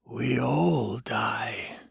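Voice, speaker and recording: A man's voice: mid-range voice, very slow, gravelly, slightly rough, no echo, clean studio sound, exaggerated voice. A man voicing a whispering, soothing ghost. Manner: soft comforting half-whisper. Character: soothing ghostly male stranger, gentle and eerie.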